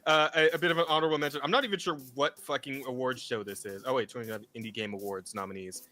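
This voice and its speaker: A man co-hosting a casual streamed podcast, talking in an animated way, swearing, laughing often and repeating words as he stumbles. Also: mid-range voice, fast talker. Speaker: podcast co-host.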